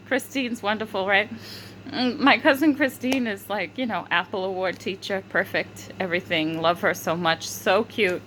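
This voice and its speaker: Giggling often, a female vlogger wanders through a casual story packed with fillers and repeated restarts. She speaks at normal speed with a mid-range, fairly bright voice, on poor audio with a little hiss or hum.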